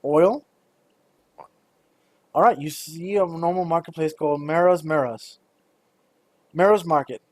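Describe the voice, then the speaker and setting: A young man running a tabletop game, talking in a loose, rambling way with plenty of stops and restarts. His voice sits a little high, and the sound is close and dry. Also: a little slow, pauses often, darkish tone, no echo. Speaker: game master.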